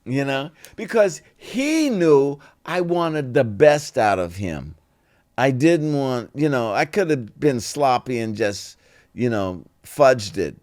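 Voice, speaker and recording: A man, an actor guest in an interview, telling relaxed anecdotes and acting out the voices of the people in them. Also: mid-range voice, slow pace. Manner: animated, acts out quoted voices in stories; relaxed and conversational, with "you know" fillers.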